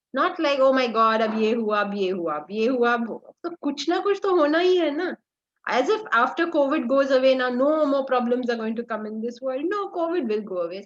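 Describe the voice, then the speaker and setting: A woman with an Indian accent teaching a scripture class in a conversational way, often checking in with her listeners and repeating phrases in lists. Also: high voice. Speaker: spiritual teacher. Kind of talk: scripture lecture. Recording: dull lo-fi recording.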